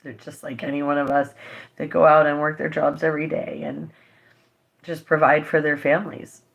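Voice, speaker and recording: A woman's voice: low-pitched, level tone, moderate pace, gravelly, highs cut off. A woman vlogger talking straight to her viewers, earnest and impassioned, emotional and holding back tears. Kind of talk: direct-to-camera vlog update.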